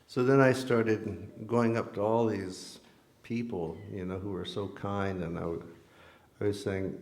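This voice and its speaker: Man, temple sermon, storytelling with acted-out dialogue, warm dark voice, echoey hall. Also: lowish voice, fairly even intonation, measured pace. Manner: storytelling, acting out quoted dialogue. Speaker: temple lecturer. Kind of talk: sermon with personal anecdotes.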